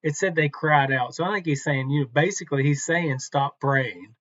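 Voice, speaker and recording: A man teaching from the Bible in a relaxed, conversational devotional talk, unhurried and with some restarts. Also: fairly high pitch, no echo, lo-fi sound.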